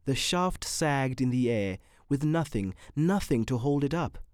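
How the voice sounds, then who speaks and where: A narrator reading literary fiction with a measured, storytelling delivery. The pitch moves freely and expressively through each sentence, and the voice is recorded close and dry with no room sound. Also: expressive, darkish tone, no echo.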